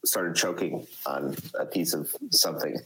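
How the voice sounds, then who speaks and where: A man with a Chicago accent hosting a casual live podcast chat, talking haltingly with many fillers and restarts. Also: very deep voice, fairly bright tone, a little hiss or hum, poor audio. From United States. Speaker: podcast host.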